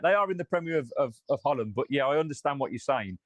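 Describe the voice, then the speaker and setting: A man's voice: medium pitch, expressive, fast, no echo. Frustrated sweary man. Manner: reads out viewer comments. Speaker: fan channel host. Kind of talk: live post-match reaction.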